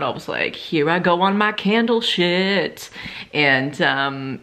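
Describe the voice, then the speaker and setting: A young woman chats to her camera in a casual vlog, candid and loose, dropping swear words as she goes. Her voice sits low for a woman but has a bright, forward edge to it. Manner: chatty and candid, swears freely, laughs often. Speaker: vlogger. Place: rural home during a power outage.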